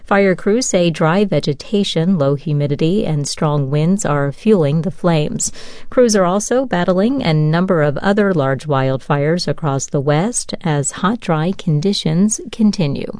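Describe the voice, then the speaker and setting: A woman newscaster reading a news bulletin in a crisp, even style. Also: low-pitched, a little slow, no room sound. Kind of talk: scripted news read. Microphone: studio microphone.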